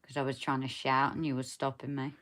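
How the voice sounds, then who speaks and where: A woman's voice: a bass voice, little pitch movement, fairly quick, a bit bright. A woman chatting casually on a live stream, bantering and mock-scolding her partner. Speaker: streamer co-host.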